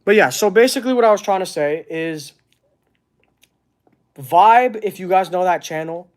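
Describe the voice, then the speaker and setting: A man chats on a live stream, reading out viewer comments. He talks earnestly, stopping and restarting as he hunts for the right words. It sounds like a streaming mic at his desk. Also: high voice. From Canada. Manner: halting, searching for words, earnest. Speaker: wrestling channel host. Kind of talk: casual livestream chat reading comments.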